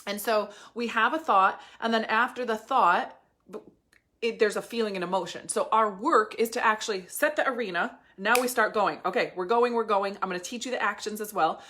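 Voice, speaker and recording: A woman in her thirties leading a live business coaching session, blunt and profane, talking fast with lots of energy. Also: mid-range voice, sharp tone.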